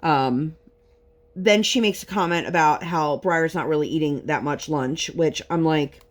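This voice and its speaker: A woman's voice: low voice, unhurried. A woman vlogger telling a long frustrated story in a chatty, casual way while she works on a craft. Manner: chatty, exasperated storytelling with many fillers.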